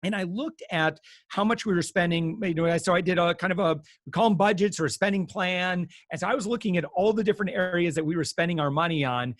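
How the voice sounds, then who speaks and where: A man talking as a guest consumer expert, animated and chatty with frequent fillers. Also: sits high, fast, hardly any pauses, no room sound, studio quality. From United States. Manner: animated, many fillers, acts out quotes. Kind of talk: casual explanatory talk.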